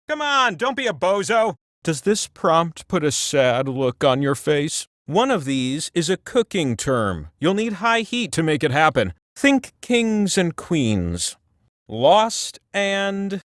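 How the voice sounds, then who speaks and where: A towering talking wheel from a video game. He is a grand, teasing quizmaster with a high voice that leaps all over the place. The sound is dry and close, with no room around it. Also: very animated, slow pace, fairly bright tone, dry recording, exaggerated voice. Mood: teasing hints. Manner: theatrical, teasing hint-giver. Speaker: game announcer character. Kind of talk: scripted video game voice lines. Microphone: dry studio recording.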